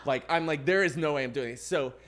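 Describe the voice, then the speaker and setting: This man's voice sits fairly high, and he talks fast. Co-hosting a podcast, he spins a long personal tale in relaxed conversation, doing the voices of the other characters with lots of animation and growing loud at the peak of the story.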